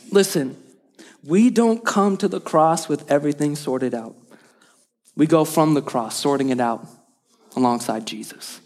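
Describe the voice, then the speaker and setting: A man's voice: a little high, lively intonation, moderate pace. A male pastor preaching a sermon, earnest and repeating key phrases for emphasis, with light joking asides.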